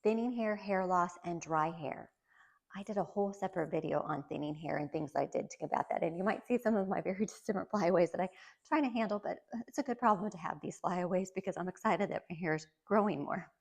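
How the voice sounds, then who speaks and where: A woman's voice: lowish voice, fast, vocal fry. A woman around fifty talking casually, sharing her own experiences and tips with a light laugh now and then. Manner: chatty, laughs lightly between points; shares personal experiences with listeners. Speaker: vlogger. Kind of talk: casual chat.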